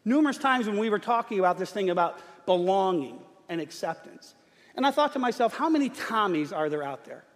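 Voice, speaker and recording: A middle-aged man preaching a sermon, telling a humorous story in an animated way. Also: high-pitched, fairly quick. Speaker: pastor. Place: church sanctuary. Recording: long church hall reverb.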